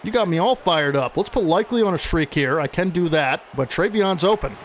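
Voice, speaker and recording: Man, gaming commentator, excitable, slightly high voice, play-by-play, faint background noise. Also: fairly quick, hardly any pauses. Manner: excitable, talks to viewers. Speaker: gaming channel host. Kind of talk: play-by-play commentary of a video game.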